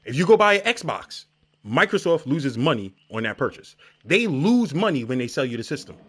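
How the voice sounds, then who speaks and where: A man streaming a game and chatting casually, telling stories with lots of profanity and shouting out crowd reactions. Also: fairly high pitch, moderate pace, husky. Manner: profane, animated storytelling with shouted crowd imitations.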